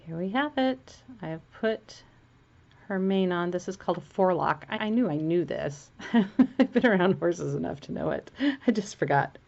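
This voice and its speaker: A woman's voice: fairly low pitch, lively intonation, moderate pace, gravelly, a little mellow, muffled recording. A woman chatting casually and giggling as she walks through a craft project in a home video. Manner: chatty, giggly, self-amused. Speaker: crafting vlogger. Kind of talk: casual knitting tutorial chat.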